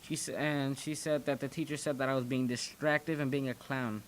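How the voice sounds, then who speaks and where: A teenage boy talks straight to his viewers about his school days. He rambles and often restarts his sentences, in a voice of middle pitch. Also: level tone, a little fast, a little hiss or hum. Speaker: channel host. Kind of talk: casual storytelling commentary.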